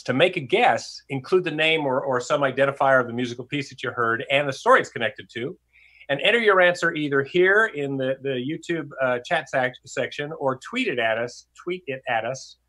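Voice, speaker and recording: A man's voice: medium pitch, expressive, brisk, pushed and bright. Man on a video call, winded, with a dry playful delivery. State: out of breath. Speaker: regular presenter running the music game. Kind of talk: casual live-stream presentation. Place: home studio.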